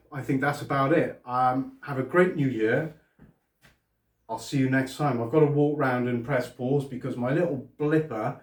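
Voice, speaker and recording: This mid-range, slightly mellow voice belongs to a man restoring a vehicle in his garage for a casual workshop vlog. He mutters as he works and addresses a far-off camera, and the mic picks up an echoey room from a distance.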